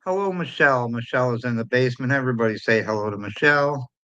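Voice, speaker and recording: A man's voice: mid-range voice, fast talker, pushed and bright, dull audio. A man hosting a livestream in casual chat, greeting and answering viewers by name. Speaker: livestream host.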